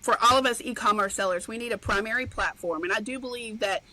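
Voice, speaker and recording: A woman chats on a podcast in a bright, fairly high voice. She tells her stories with animation and acts out her own reactions along the way. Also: fast, rough recording. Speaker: podcast guest, online seller. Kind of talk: casual chat.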